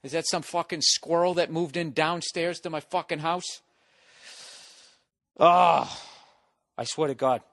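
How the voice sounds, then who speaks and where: A man's voice: fairly high pitch, fairly even intonation, a little slow, gravelly, pauses often, fairly bright tone, dry recording. A man hosting a podcast from his home, delivering a profane, exasperated solo rant. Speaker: podcast host. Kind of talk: solo ranting monologue.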